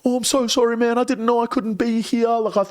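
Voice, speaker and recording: A man's voice: little pitch movement, fairly quick. A man putting on the voice of a frightened, skinny young man who pleads and apologizes. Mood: nervous. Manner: high nervous pleading.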